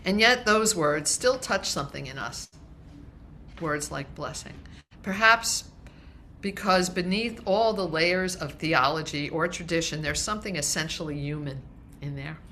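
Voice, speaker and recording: A woman's voice: low-pitched, measured pace, bright, forceful tone, a little hiss or hum. A woman minister giving a light-hearted, conversational sermon to her congregation, with frequent restarts. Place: congregation meeting hall, also streamed.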